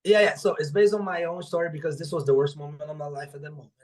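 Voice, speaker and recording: A man's voice: fairly high pitch, quick pace, crowd noise. A young adult man, a podcast guest and author, telling casual stories with plenty of swearing and acted-out dialogue. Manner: animated, profane, acts out quoted dialogue. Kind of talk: casual storytelling in conversation.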